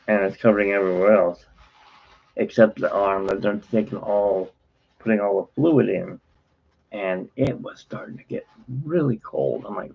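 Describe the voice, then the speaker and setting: A weary man with a low, gravelly, husky voice tells a long personal story, wandering off track and acting out what others said. The sound is dull and lo-fi. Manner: rambling, self-interrupting, acts out quoted dialogue. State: tired. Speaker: channel host. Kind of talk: casual storytelling vlog.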